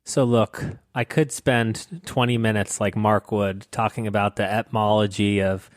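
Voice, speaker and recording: A man co-hosting a casual podcast, explaining a board game in a sarcastic, animated way. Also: fairly low pitch, normal speed, dry recording, studio quality. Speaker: podcast co-host.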